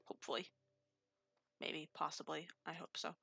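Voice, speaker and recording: A woman's voice: deep voice, little pitch movement, moderate pace, creaky, pushed and bright, slightly rough. A woman hosting a casual voice chat on her gaming stream, teasing her friends and swearing freely.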